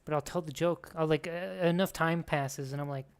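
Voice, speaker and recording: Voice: medium pitch, normal speed, smooth. A streamer chatting casually while playing a game, telling rambling, joking stories. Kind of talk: casual chat while gaming. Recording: steady background noise.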